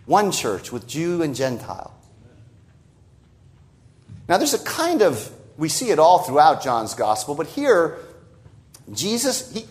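Emphatic male preacher, higher voice. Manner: emphatic, rising on key phrases and dropping low at the ends of lines; repeats words for stress and quotes scripture in a slowed voice. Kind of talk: expository sermon.

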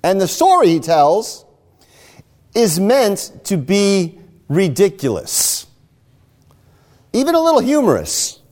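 A man's voice: sits high, huge pitch swings, slow pace, pauses often, darkish tone. A man preaching a sermon, explaining a scripture passage step by step.

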